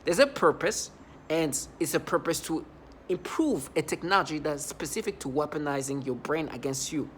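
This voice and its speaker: A man in his thirties giving a personal testimonial, halting, often repeating and restarting words. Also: fairly high pitch, a bit bright, a little hiss or hum. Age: 30s. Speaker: vlogger.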